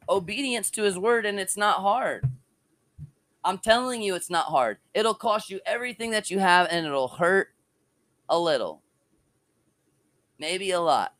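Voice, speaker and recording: A man preaches from home in an informal, heartfelt way, sharing his testimony and dropping casual slang between points. His voice sits high, and the sound is close and dry with no room around it. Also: fairly bright tone, no echo. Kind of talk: informal online sermon.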